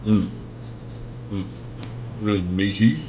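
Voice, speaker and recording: A man's voice: lowish voice, takes it slowly, highs cut off, a little hiss or hum. A man reviewing food at a restaurant table, speaking casually and humming as he savors each bite, recorded on a camera set on the table. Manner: relaxed, savoring each bite with frequent hums. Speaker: food vlogger. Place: indoor restaurant. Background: faint background music.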